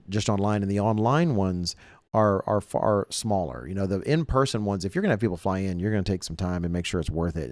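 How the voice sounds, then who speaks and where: A man with a lowish voice talks through a casual podcast chat, earnest and a little rambling, circling back to restart phrases. The sound is close and dry, with no room around it. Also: a little mellow, no room sound. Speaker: podcast host.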